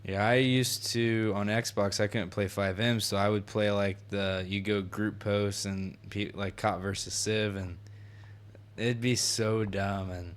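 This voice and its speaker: A man's voice: lowish voice, little pitch movement, a little slow. A nineteen-year-old man chatting casually on a podcast, laughing, swearing and acting out what people said. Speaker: podcast co-host. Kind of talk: casual chat.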